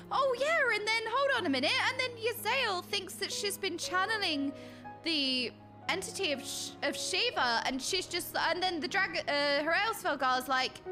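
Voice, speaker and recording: A young woman streaming a game, reacting to the story in an animated, exclaiming way. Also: very high-pitched, unhurried, music in the background. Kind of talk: casual live game commentary.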